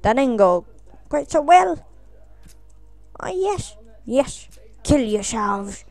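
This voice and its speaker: A woman's voice: high voice, very animated, slow, darkish tone, no room sound. A woman giving goofy, crude let's play commentary, yelping and squealing at mishaps in the game. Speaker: gameplay commentator.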